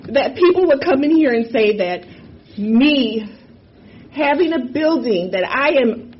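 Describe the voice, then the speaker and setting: High-voiced impassioned woman at a meeting. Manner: impassioned and emphatic, repeats phrases for force. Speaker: university board member. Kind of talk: impassioned statement at a public meeting. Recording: muffled lo-fi audio with faint background noise.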